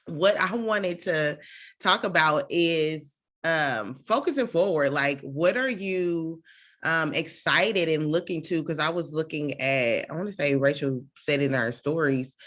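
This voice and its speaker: A woman's voice: low voice, a bit bright. A woman hosting a group video call, chatty and loose, with a casual style and many "um"s. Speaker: call host.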